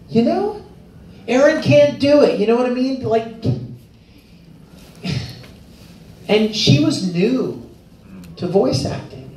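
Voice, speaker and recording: A middle-aged man telling lively stories at a convention panel, laughing often and acting out quotes in high voices. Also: slow pace, pauses often. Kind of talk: storytelling to a live audience. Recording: echoey hall from far off, faint noise.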